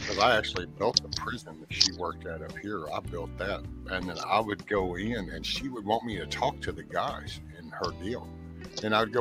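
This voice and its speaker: A man's voice: low voice, moderate pace, music in the background. A man hosting a casual chat, talking bluntly with plenty of profanity.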